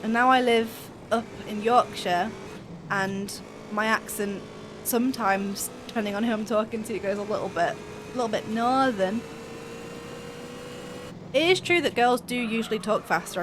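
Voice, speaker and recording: A young woman from near Birmingham with a softened Birmingham accent, chatting fast and a bit mumbly as she co-commentates a game stream. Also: medium pitch, background noise. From England, near Birmingham. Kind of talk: casual chat over gameplay.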